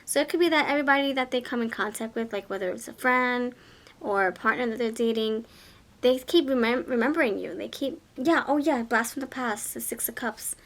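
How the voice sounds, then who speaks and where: A woman's voice: fairly high pitch, a little fast, a bit bright. A woman giving a pick-a-card tarot reading, talking in an effusive, exclaiming way and often repeating her words. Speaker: tarot reader.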